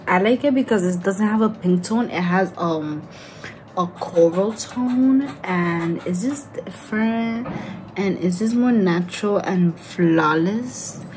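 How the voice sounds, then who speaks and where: A woman's voice: medium pitch, a little mellow. A tipsy young woman, rambling loosely and cursing playfully as she chats through a makeup tutorial. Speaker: beauty vlogger. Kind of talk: casual makeup tutorial chat.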